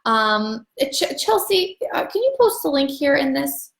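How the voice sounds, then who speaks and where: A woman's voice: sits high, very animated, measured pace, gravelly, echoey room. A woman leading a voice class, giving a chatty, upbeat motivational talk to an online audience and rambling along with casual swearing. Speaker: voice class facilitator.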